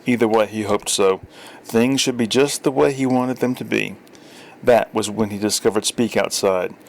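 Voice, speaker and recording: A man narrating a storybook in a dry, wry tone at a middle pitch, now and then stumbling and correcting a word. A faint hum of ambience sits under his voice. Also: fairly even intonation, normal speed, creaky. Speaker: story reader. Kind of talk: audiobook narration.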